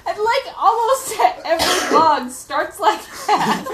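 Young woman, comic live reader; high, bouncy voice; self-mocking, lots of fillers; echoey room. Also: lively intonation, slow pace, hardly any pauses, fairly bright tone. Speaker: performer reading her old teen blog aloud. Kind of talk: comic live reading to a laughing audience. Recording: echoey room with faint noise.

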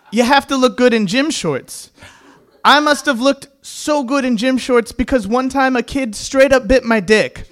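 A young man with a tenor voice performing a stand-up comedy set, telling stories deadpan and laughing at his own jokes. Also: very high-pitched, measured pace, a little hiss or hum.

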